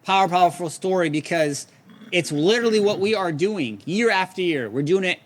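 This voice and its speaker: A man's voice: high-pitched, expressive, fairly quick. A man hosting a webinar call, reacting enthusiastically and talking straight to the audience. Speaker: webinar host.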